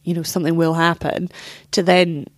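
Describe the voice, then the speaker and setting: A young woman recounts a painful personal story in an interview, speaking candidly and swearing freely as she acts out what others said. Her voice sits a little low, and the recording is close and dry, with no room sound. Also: level tone, normal speed, no room sound. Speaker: interview guest.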